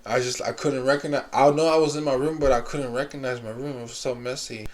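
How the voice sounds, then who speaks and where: A man's voice: mid-range voice, steady tone, fast talker, a crowd in the background. A young man telling a long story in casual chat, rambling with lots of fillers and restarts.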